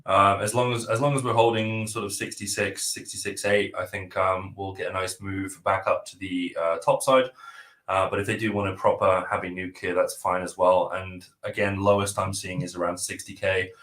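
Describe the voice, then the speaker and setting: A man giving relaxed market commentary as a co-host. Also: low voice, moderate pace, roomy sound. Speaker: trading analyst co-host.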